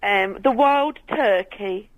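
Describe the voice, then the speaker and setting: A woman calling a radio phone-in over the telephone, chatty and giggly, with halting restarts. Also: medium pitch, no room sound. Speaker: radio caller. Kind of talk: phone-in chat. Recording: dry, husky phone line.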